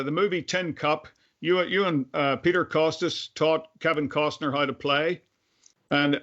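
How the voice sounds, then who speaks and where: A male host asking interview questions over a video call, halting and repeating words as he goes. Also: fairly high pitch, a bit bright. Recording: dull video-call audio.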